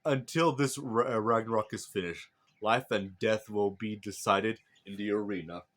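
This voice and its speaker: A man's voice: on the low side, moderate pace, fairly bright tone, natural voice. A man voicing a stern, proud young warrior god who speaks solemnly and firmly.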